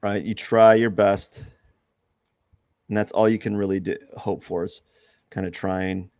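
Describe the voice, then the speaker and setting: A man's voice: on the low side, steady tone, unhurried, a little mellow, no room sound. A man who is an artist chatting casually during a live drawing stream, rambling with many restarts and fillers, and laughing at himself. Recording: dull lo-fi dry sound.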